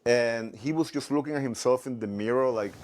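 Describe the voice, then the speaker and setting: A man's voice: mid-range voice, darkish tone. A man talking about his life as a comedian, then doing a stand-up set, with frequent restarts and fillers. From Latino background. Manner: halting, many restarts and fillers. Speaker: comedian guest. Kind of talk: casual chat and stand-up set.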